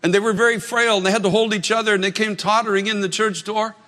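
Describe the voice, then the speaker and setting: A male pastor delivers an earnest sermon in a high, bright voice, building emphasis through repeated phrases. The sound rings with a long hall reverb, as in a church. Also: fairly even intonation, quick pace.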